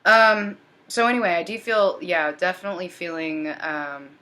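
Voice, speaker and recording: A woman with a low voice talks through a tarot reading in a loose, chatty way. She sounds drained and tired, sprinkling her talk with ums, quick laughs and little check-ins. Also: sharp tone. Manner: chatty, repeats okay and um, laughs often. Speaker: tarot reader. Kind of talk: spiritual reading, casual monologue.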